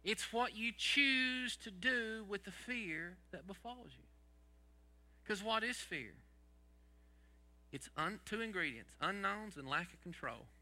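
A man's voice: high-pitched, animated, slow pace, sharp tone. A man preaching a sermon as pastor, asking the congregation rhetorical questions and dropping folksy sayings.

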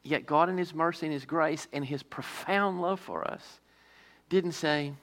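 A man, the pastor, preaching a sermon with emphasis, putting rhetorical questions to his listeners and mixing loud stressed words with quieter, slower asides. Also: on the high side.

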